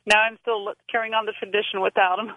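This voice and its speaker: A woman from Southern California calling a radio show, excited and nervous as she talks. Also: mid-range voice, quick pace, dry recording. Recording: tinny phone line.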